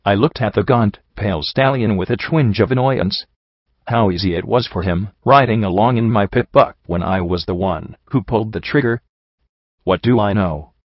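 A man's voice: lowish voice, moderate pace, dry recording, muffled recording. A man reading a first-person story aloud in a brooding, introspective manner. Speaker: audiobook narrator.

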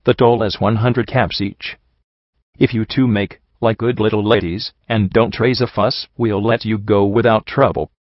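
Brief: cocky sneering pony bandit chief, read by a man, low and dry, dull lo-fi storybook audio. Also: steady tone, moderate pace, dry recording, close to an everyday voice. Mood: smug. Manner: smug, sneering, condescending. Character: cocky pompous unicorn stallion bandit boss. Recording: dull lo-fi recording.

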